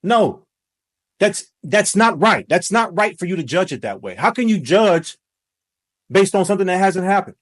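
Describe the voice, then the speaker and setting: A man hosting a reaction commentary, talking in a preachy, emphatic way that rises to shouts. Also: high-pitched, sing-song, moderate pace. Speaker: commentary host.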